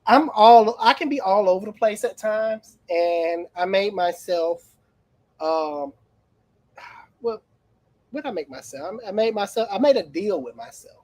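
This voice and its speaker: A middle-aged man who runs an auto repair shop, chatting on a livestream as an animated, rambling storyteller with playful exclamations. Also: high voice, measured pace, dry recording, low-quality recording. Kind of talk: casual livestream chat.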